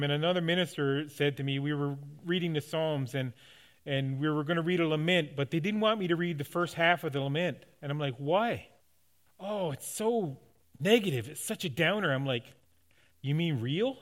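A man's voice: on the high side, fairly bright tone, smooth. A man, the pastor of his church, preaching a conversational sermon to his congregation, with frequent restarts and light laughs. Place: church sanctuary.

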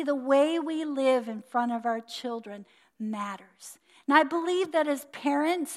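A woman delivers a sermon in a high voice, telling stories with earnest emphasis. Her phrases tend to fall soft at the ends. The sound rings with a long reverb, as in a church hall. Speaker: preacher. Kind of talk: sermon with storytelling.

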